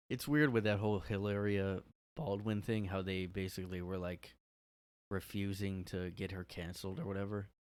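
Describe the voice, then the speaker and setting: A man's voice: sits low, fairly even intonation, normal speed, long pauses. A man hosting a casual solo podcast from his room, rambling and hesitant, full of "like". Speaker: podcast host.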